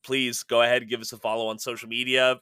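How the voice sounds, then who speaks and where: A man hosting a casual sports podcast, upbeat and smooth as he chats and reads plugs into a close microphone. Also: medium pitch, little pitch movement, fast talker, sharp tone, dry recording. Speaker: podcast host.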